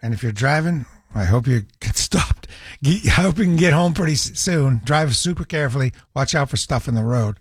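A man's voice: medium pitch, animated, fairly quick, breathy edge, no echo, clean studio sound. A man hosting a live radio talk show, easygoing and friendly as he steers callers along. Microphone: studio microphone.

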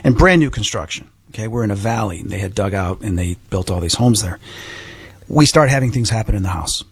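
A middle-aged man, a guest, recounting a personal experience in an animated, earnest way. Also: on the low side, fairly quick, husky, no room sound. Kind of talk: personal storytelling.

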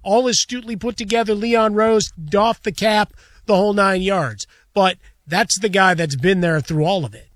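A man's voice: sits high, normal speed, fairly bright tone, no echo. A man co-hosting a sports radio show in a studio, chatting conversationally with dry quips.

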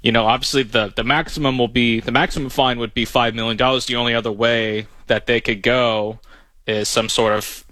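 A man co-hosting a casual sports talk show, explaining in a measured way with fillers. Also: mid-range voice, fairly even intonation, sharp tone, dry recording. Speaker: podcast co-host.

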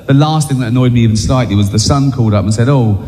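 A man's voice: medium pitch, fast talker, warm tone, in a large hall. A man telling a self-mocking anecdote on stage, chatty and tagging lines with "right?". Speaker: comedian.

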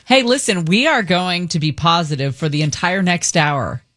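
Upbeat woman radio host, low voice. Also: normal speed, a bit bright, dry recording, studio quality. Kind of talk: casual on-air banter.

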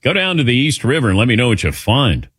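A man's voice: medium pitch, big pitch swings, fast talker, fairly bright tone, slightly rough, no room sound, studio quality. A man in his sixties hosting a sports talk radio call-in show, chatty and laughing easily. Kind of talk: casual call-in chat.

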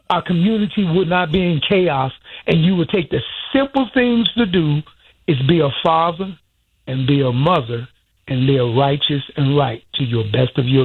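A man's voice: on the high side, slightly rough. A man calling in to a radio show, bluntly scolding and ranting. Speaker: caller. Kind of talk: opinionated call-in rant. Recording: muffled phone line.

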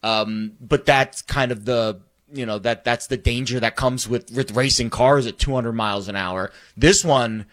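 A man co-hosting a sports talk show, speaking reflectively in a halting way, with many ums and restarts. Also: medium pitch, fairly bright tone.

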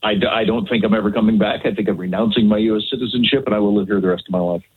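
Man, radio co-host calling in, rambling casual talk, husky lower voice, phone-line sound. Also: steady tone, racing.

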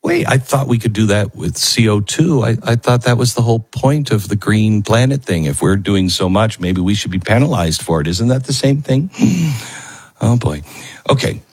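A man's voice: fairly low pitch, lively intonation, moderate pace, darkish tone, slightly rough, no room sound. A man hosting a talk radio show, rambling conversationally with fillers and asides. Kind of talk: casual talk radio monologue.

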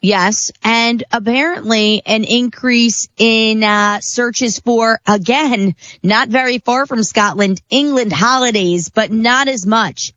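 A woman's voice: fairly high pitch, slow, hardly any pauses, a bit bright, no room sound, highs cut off. A woman reporting as a national correspondent on a radio show, playful and teasing with the host. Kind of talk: radio segment chat.

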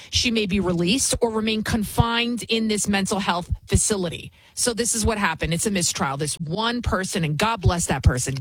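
Indignant woman host, husky voice. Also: mid-range voice, dry recording, poor audio. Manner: indignant, emphatic, repeats words for stress. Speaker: show host. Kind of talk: opinionated commentary show.

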